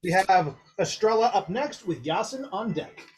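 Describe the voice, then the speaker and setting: Man narrating as game master, higher voice. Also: normal speed. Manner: descriptive, relaxed narration with fillers.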